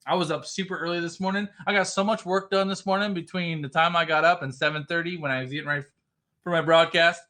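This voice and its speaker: A middle-aged man with a bright, forceful, slightly high voice hosts a live motivational stream. He sounds fired up, calling out to viewers in the chat and swinging from loud bursts to low, quiet stretches. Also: steady tone, quick pace. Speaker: startup business mentor and livestream host. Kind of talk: energetic motivational livestream talk.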